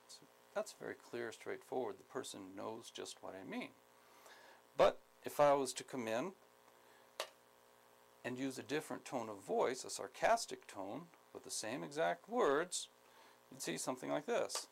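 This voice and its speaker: Gravelly-voiced man teaching a skills class. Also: mid-range voice, very animated, a little hiss or hum, rough recording. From United States. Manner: deliberate, repeats key points, many ums. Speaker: instructor. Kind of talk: skills training lecture.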